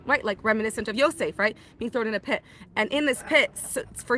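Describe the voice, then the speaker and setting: A woman teaching a weekly Torah class, retelling the story in a lively, animated way and acting out the characters' lines. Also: on the high side, brisk.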